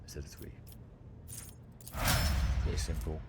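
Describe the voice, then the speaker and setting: A man commenting casually on the video game he is playing, muttering and reading game text aloud. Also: measured pace. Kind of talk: casual let's-play commentary. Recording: loud background noise.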